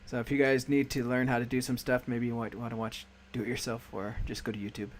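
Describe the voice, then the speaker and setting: A man hosts a relaxed anime review chat at a home mic, rambling through his thoughts with frequent laughs. His voice sits at an ordinary middle pitch. A faint hum runs underneath. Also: quick pace. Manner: loose, rambling, laughs often. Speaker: podcast host.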